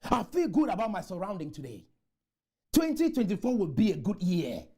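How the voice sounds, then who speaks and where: A man delivers a rousing motivational talk to a conference crowd. His mellow, dark voice leaps up and down in pitch as he repeats rallying lines and breaks into shouts. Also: huge pitch swings, moderate pace, breathy edge. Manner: exhorting, repetitive chants, bursts into shouts. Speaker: motivational speaker. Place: conference room.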